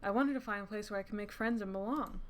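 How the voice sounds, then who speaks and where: A woman streaming a story game, reading its lines aloud and reacting with animated, giggly, casual chatter. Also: mid-range voice, fast talker. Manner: giggly, animated, swears casually, breaks into laughter.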